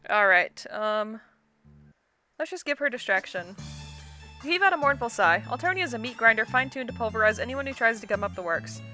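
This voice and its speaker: Chatty woman reading a game out loud, bright voice, casual commentary. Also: a little high, lively intonation, brisk, faint music behind. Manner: casual, chatty, stumbles and laughs at the script. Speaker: let's-play host. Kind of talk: reading a visual novel aloud with commentary.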